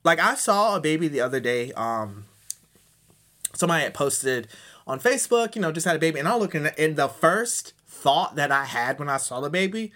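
A man's voice: fairly high pitch, expressive, moderate pace, pushed and bright. A man in his thirties, a podcast host rambling through a profane, self-mocking comedic monologue. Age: 30s.

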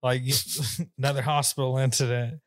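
A man in casual podcast chat, blunt and profane, ribbing his co-host with quick jokes. His voice is recorded close and dry with no room around it. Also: medium pitch, fairly even intonation, no echo.

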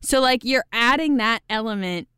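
A woman's voice: a little high, normal speed, bright, forceful tone, smooth, no echo, studio quality. A woman co-hosting a casual recap podcast, chatty and enthusiastic with frequent laughs. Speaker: podcast co-host.

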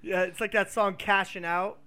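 A man co-hosting a casual comedy podcast, delivering deadpan puns that trail off quietly. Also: high-pitched, normal speed, slight background noise. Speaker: podcast co-host.

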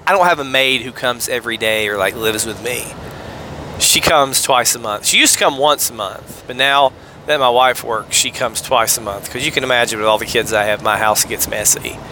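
A man from Georgia with a mid-range voice hosts a podcast, speaking at normal speed in a sharp tone. He comments on scripture in a fired-up, sarcastic way, wandering into rambling asides. A little hiss or hum sits under the audio.

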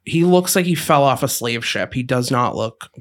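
A man's voice: medium pitch, animated, moderate pace. A man, a podcast guest telling rambling, profane stories in casual chat. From Greater Boston. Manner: profane, rambling, loses track of his story. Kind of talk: casual rowdy storytelling.

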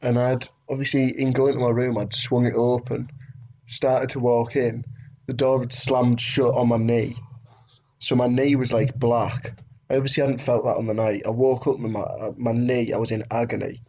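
A man's voice: mid-range voice, level tone, moderate pace, a little mellow, highs cut off. A young man chatting on a podcast, wry and full of questions. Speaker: podcast co-host. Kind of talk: casual chat.

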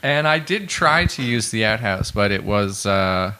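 A man's voice: lowish voice, animated, measured pace, pushed and bright, clear, resonant tone. A male comedian guest telling a rambling, dry story in casual podcast chat.

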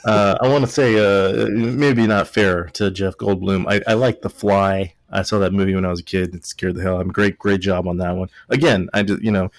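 A man's voice: low voice, steady tone, brisk, few pauses, dry recording. A man co-hosting a podcast in casual chat, a little drunk, rambling through stories and laughing often. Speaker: podcast co-host, doctor.

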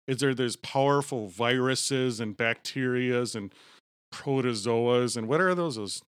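A man's voice: medium pitch, a little slow, clean tone, no room sound, studio quality. Man with a mock-grandiose announcer delivery. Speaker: podcast co-host. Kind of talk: comedic podcast banter.

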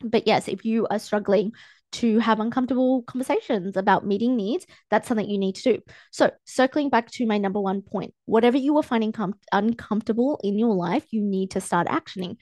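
A young woman hosts a solo podcast as a personal-growth coach, chatting casually and encouragingly in a self-help tone. Her medium-pitched voice is fairly quick and a little mellow, captured dry on a close podcast mic and filmed for video.

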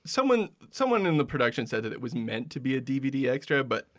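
A man's voice: mid-range voice, sing-song, quick pace, dry recording, studio quality. A man co-hosting a podcast in casual chat, leading segments and laughing often. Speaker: podcast co-host.

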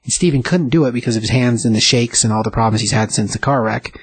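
A man's voice: mid-range voice, quick pace, husky, no room sound, rough recording. A man casually recapping a comic book, rambling and enthusiastic with lots of fillers.

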